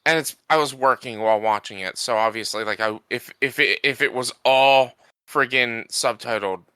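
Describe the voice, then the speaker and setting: A male podcast co-host rambles casually about a film, full of restarts and fillers. His medium-pitched voice is sharp and clean, moving at a moderate pace with no echo.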